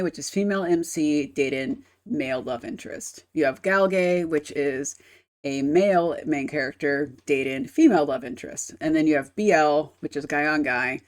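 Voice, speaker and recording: A woman's voice: low-pitched, darkish tone. A woman game streamer chatting casually on a live stream, rambling and explaining with casual swearing.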